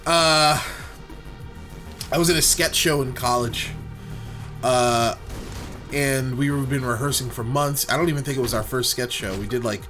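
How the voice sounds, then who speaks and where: A man's voice: mid-range voice, moderate pace, pauses often, pushed and bright, soft background music. A man co-hosting a gaming show, telling a long, rambling story full of fillers. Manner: rambling, filler-heavy anecdote. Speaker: let's play co-host. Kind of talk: casual storytelling while gaming.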